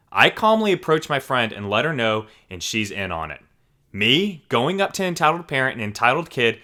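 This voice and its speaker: A man hosting a channel and narrating online posts in an animated, expressive storytelling way. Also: lowish voice. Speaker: channel host reading stories.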